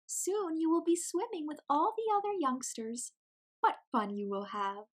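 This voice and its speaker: Gentle mother penguin, soothing and cheerful, bright high tones; a woman reads her in a storybook. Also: animated, measured pace. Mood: encouraging.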